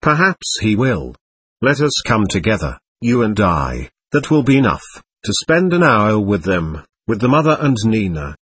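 A man reading a novel aloud, voicing a kind young man who speaks softly and calmly. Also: fairly low pitch, moderate pace, breathy edge, no echo, studio quality, heavily acted. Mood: gentle. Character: gentle, kind young man comforting others.

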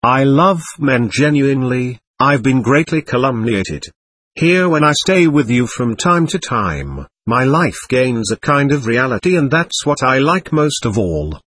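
A man reading an audiobook, voicing a suave, ironic male devil who poses as a shabby gentleman, smooth and mocking. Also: mid-range voice, big pitch swings, a little slow, exaggerated voice. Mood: genteel.

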